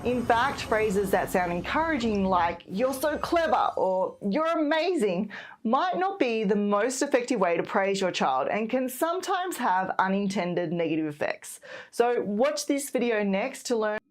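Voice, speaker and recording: A woman giving parenting advice in calm, steady, scripted narration, like a patient teacher. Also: medium pitch, normal speed. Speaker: parenting educator.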